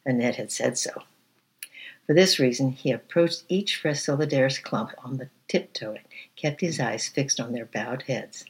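A man reads a children's story aloud with a husky, breathy voice. His pitch sits in a middle range, and he keeps a gentle, even pace, now and then slipping and restarting a word. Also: normal speed.

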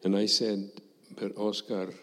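Slow older man giving a testimony. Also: lowish voice, level tone, long reverb tail. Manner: slow, reflective storytelling with quoted dialogue. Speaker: former missionary giving testimony. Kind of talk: personal testimony to a congregation.

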